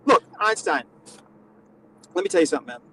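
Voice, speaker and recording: Nasal man, high and swooping voice, mock-condescending panel guest, faint noise behind. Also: lively intonation, fairly quick. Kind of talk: casual comedic panel chat.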